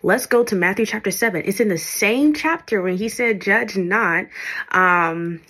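A woman's voice: medium pitch, unhurried, a bit bright, breathy edge. A woman teaching the Bible in an informal podcast style, often checking in with "okay?".

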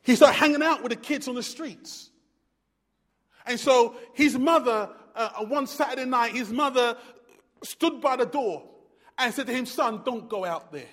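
A high-pitched man preaching in a church hall with a long, ringing reverb. He swings between quiet, low passages and loud, pleading ones, and repeats words as he builds his point. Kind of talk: sermon.

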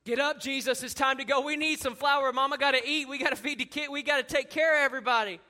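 A man voicing a practical, no-nonsense mother who gives quick, motherly orders. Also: very high voice, steady tone, sharp tone, exaggerated voice. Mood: bossy. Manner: brisk, bossy, motherly.

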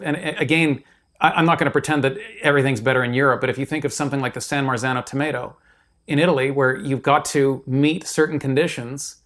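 A man who is an author, a guest in a casual interview who speaks emphatically and restarts his sentences often. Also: medium pitch.

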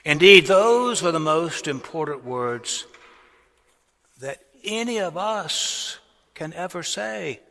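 A man preaching a sermon as a pastor, deliberate and rising to strong emphasis on key words. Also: a little high, expressive, gravelly, sharp tone. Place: large cathedral. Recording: long cathedral reverb.

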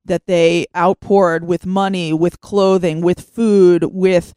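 Brief: middle-aged woman, radio co-host, affirming and steady, smooth clear voice, dry sound. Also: lowish voice, dry recording. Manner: agreeable, affirming, measured. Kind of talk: radio discussion.

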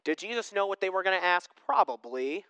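Smooth-voiced preacher with dynamic delivery. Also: medium pitch, lively intonation, fairly quick, dry recording. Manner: swings between emphatic loud preaching and hushed near-whispers; conversational, asks the congregation questions. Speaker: pastor. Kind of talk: sermon.

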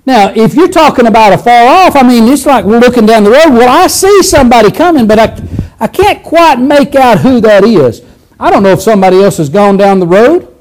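A male preacher giving a conversational sermon, animated and acting out scenes, with frequent restarts. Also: extremely high pitch, brisk, low-quality recording.

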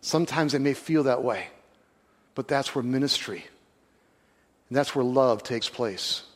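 A man who is a pastor, telling a story in a sermon in an earnest, halting way with restarts. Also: mid-range voice. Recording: long hall reverb.

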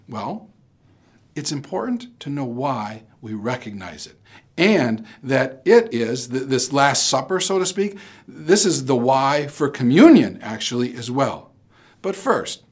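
Pastor preaching, repeating his words. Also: on the high side. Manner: storytelling, often repeats words when starting a phrase; asks the listeners direct questions. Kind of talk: conversational sermon.

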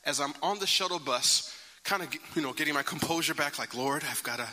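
A man preaching a sermon, telling a story animatedly, swinging between loud bursts and hushed asides. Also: on the high side, brisk. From Africa. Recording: reverberant hall.

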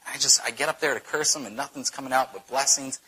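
A man's voice: fast, slightly rough, poor audio. A man doing a sly, confiding diviner. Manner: low, hushed, confiding. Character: sly hired male diviner, apologetic and scheming.

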